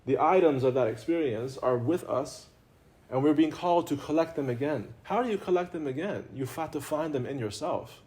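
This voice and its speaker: A man's voice: a little high, animated, moderate pace, a little mellow. A man giving an informal spiritual talk to an audience, conversational and playful, often laughing and repeating himself. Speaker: religious teacher.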